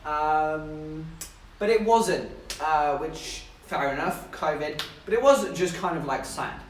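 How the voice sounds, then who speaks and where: A young man tells a rambling, self-mocking story to his live chat and keeps making jokes along the way. His voice sits a little high. It sounds roomy and is picked up from some way off the mic. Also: expressive, slow, far from the mic, slight background noise. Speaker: streamer.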